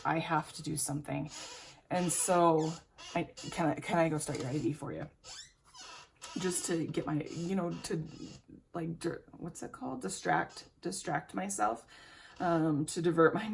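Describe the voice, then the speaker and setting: A woman's voice: low voice, vocal fry, a little mellow, a little hiss or hum. A young woman chatting candidly as she tells a long personal story while doing her makeup at home. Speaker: beauty vlogger. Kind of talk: chatty get-ready-with-me storytelling.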